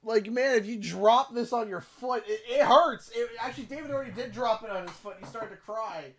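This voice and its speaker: A man's voice: very high-pitched, a little fast, crowd noise. A man in his thirties from Canada, chatting casually on a gaming livestream, rambling with lots of fillers and frequent laughs. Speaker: gaming streamer.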